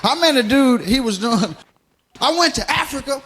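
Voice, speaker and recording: A man doing a stand-up routine, telling profane stories loudly and laughing along with his own jokes. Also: very high voice, sing-song, measured pace. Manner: loud, profane storytelling that keeps breaking into laughter. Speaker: stand-up comedian. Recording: noisy live recording.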